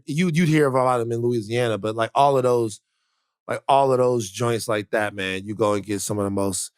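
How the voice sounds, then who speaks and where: A man co-hosting a podcast in relaxed, rambling conversation. He laughs easily and swears often as he tells his stories. His voice sits at a middle pitch and is recorded dry, right up on the mic. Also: dry recording. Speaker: podcast co-host. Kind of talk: casual chat. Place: studio.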